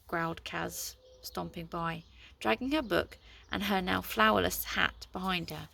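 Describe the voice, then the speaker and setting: Gravelly, expressive woman reading a storybook. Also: lowish voice, a little slow.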